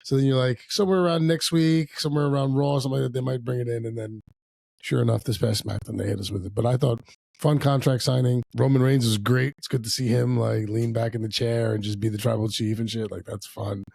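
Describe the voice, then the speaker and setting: A man co-hosting a podcast, chatting casually about wrestling with excitable exclamations and loose swearing. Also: mid-range voice, quick pace, gravelly, dry recording. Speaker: podcast co-host. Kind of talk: casual wrestling recap chat.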